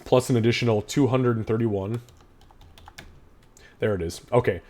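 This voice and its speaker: A man narrating a tabletop game as its game master. He talks loosely, thinking aloud as he works through the numbers. His voice sits at an ordinary middle pitch. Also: moderate pace, a little mellow. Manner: loose, thinking aloud while doing the sums.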